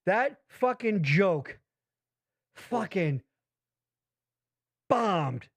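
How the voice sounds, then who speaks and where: A male podcast host with a very high speaking voice reacts to clips in casual chat. He curses freely and sounds incredulous as he retells what he saw. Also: drawn-out words. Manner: profane, incredulous, animated retelling.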